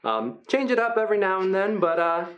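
A man voicing a huge, gentle, triceratops-like male arena performer who gives friendly, rambling pep talks. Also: high voice, very animated, fairly quick, a crowd in the background, voice pushed up. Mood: chatty.

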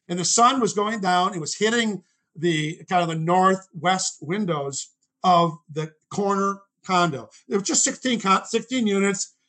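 A man in his sixties with a high, bright voice spins a rambling personal story as a guest. He stops often to correct himself. He acts out the people he quotes. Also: poor audio. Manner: rambling, self-correcting anecdotes. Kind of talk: storytelling in conversation.

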